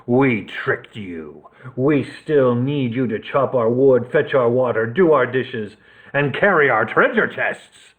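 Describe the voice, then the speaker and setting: A man putting on a gruff, mocking robber chief. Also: medium pitch, animated, slow, pitched below the performer's own voice. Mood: mean, gloating. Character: scheming greedy robber chief, grown man. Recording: tinny phone-like sound.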